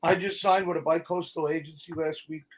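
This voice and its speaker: A middle-aged man, an actor guest telling stories in a casual interview, blunt and animated. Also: on the high side, fairly quick.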